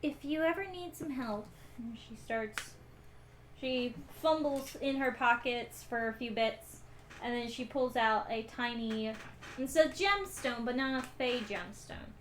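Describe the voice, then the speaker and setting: A woman playing a tabletop game, describing her character's actions in a lively way. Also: a little high, a little slow, a little hiss or hum. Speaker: player.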